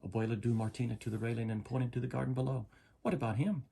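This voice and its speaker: A man reading a children's story aloud as a lesson, gentle and explaining. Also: mid-range voice, little pitch movement, very fast, gravelly. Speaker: reader.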